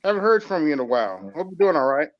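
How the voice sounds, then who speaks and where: A man co-hosting a livestream, upbeat as he gives shout-outs for donations. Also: on the high side, sing-song, rapid-fire, dull audio. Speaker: co-host reading donations. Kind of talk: casual livestream chat.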